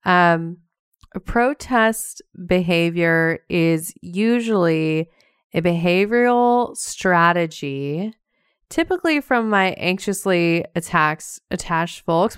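A woman's voice: on the low side, clear, resonant tone, dry recording, studio quality. A woman hosting a podcast, chatting casually and laughing often as she talks straight to her listeners. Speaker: podcast host. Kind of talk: casual chat.

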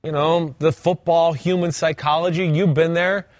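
A former player now co-hosting a casual sports talk show speaks at a moderate pace in a voice on the high side, with no room sound. He's animated, acting out what players are thinking by doing their voices.

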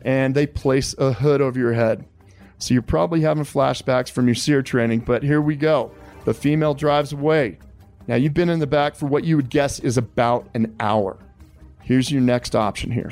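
A man's voice: mid-range voice, normal speed, darkish tone, faint music behind. A man hosting an interview, politely calling his guest sir and telling a survival scenario step by step. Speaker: podcast host.

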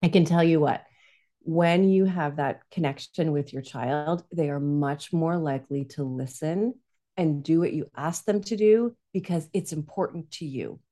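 A woman's voice: deep voice, a little slow, warm tone. A woman talking as a parenting coach in conversation. She is earnest and often checks in with "right?". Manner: earnest, frequently adds "right?". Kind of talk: conversational guest explanation.

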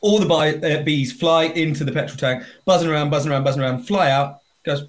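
A chatty man on a podcast winds through long, rambling jokes and laughs easily at the punchlines. His voice sits a little high for a man, and he keeps the tone loose and casual. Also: fast. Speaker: podcast co-host. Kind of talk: casual dad-joke swapping.

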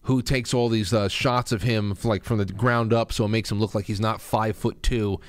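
A man's voice: fairly low pitch, steady tone, moderate pace, clear, resonant tone, no echo. Man ranting sarcastically on his show. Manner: angry, insulting, sarcastic ranting. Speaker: host. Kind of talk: ranting political commentary.

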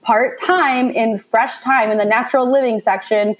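Her pitch is fairly high and her pace moderate as this Indiana woman in her 30s, a guest and the mother of a child with special needs, recounts personal experiences with deep emotion. She comes alive when voicing her own thoughts aloud, and the audio has its highs cut off.

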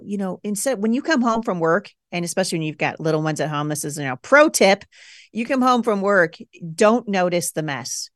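A woman in her forties, appearing as a guest on a podcast, talks candidly with emphatic, animated energy, her voice jumping high whenever she acts out her past self. She speaks a little fast, and the studio-quality recording has no room sound.

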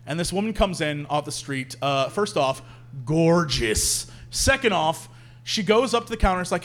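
A man with a high, bouncy voice tells a comic story on a live podcast stage. His pitch leaps all over as he acts out the people in the tale. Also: lively intonation, moderate pace. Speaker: podcast co-host. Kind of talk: comedic storytelling on a live show.

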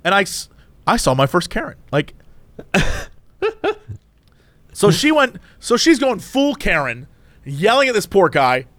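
A man's voice: high-pitched, very animated, measured pace, long pauses, fairly bright tone, no room sound. A man co-hosting a podcast, animatedly retelling a story in casual chat with laughter. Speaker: podcast co-host.

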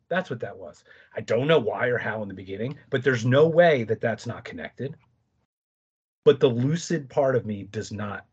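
A man speaking as a podcast guest, telling stories in a lively way with many quick restarts. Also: mid-range voice, breathy edge. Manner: animated storytelling, quick restarts. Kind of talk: casual conversation. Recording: dull lo-fi sound.

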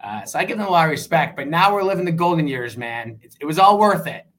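A man with a Western New York accent, chatting casually as a fan club president on a podcast, relaxed and quick to laugh. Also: a little high. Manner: relaxed, laughs easily, many fillers.

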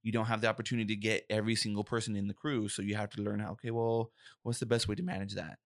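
Young guy safety pro chatting on a podcast, lively and emphatic, dry close sound. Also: fairly low pitch, racing, no room sound. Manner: animated, emphatic, acts out quotes. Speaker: podcast co-host, safety professional. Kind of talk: casual podcast chat.

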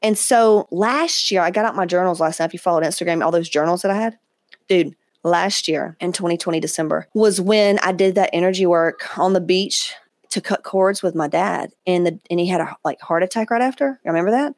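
A woman's voice: lowish voice, fairly quick, no echo. Frank, profane woman host, dry close sound. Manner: candid, profane, animated, quoting others in asides. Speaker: podcast host. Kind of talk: casual storytelling monologue.

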